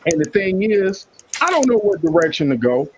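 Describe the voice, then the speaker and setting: High-voiced, heated man. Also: sing-song, normal speed, heavy background noise. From South Side of Chicago. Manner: heated, profane and boastful. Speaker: stream panelist. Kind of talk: casual chat, ranting. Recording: dull lo-fi stream audio.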